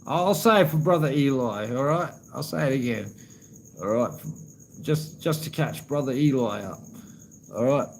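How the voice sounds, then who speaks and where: Australian live-streamer, a man in the middle pitch range, loose and profane, addresses chat as brother. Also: expressive, moderate pace, creaky, slight background noise, poor audio. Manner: profane, rambling, calls viewers man and brother.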